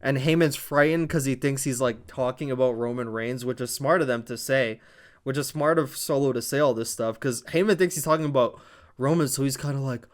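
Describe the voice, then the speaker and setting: A man narrates a wrestling segment in casual commentary, building it up like a dramatic story and dropping profane asides. His voice is smooth and resonant at an ordinary middle pitch. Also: brisk.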